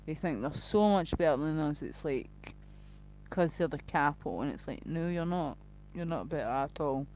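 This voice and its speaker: A woman's voice: sits low, animated, normal speed, a little mellow, a little hiss or hum, low-quality recording. A woman with a Glaswegian Scottish accent, chatting casually on a live stream while reading the chat, blunt and sweary, laughing often.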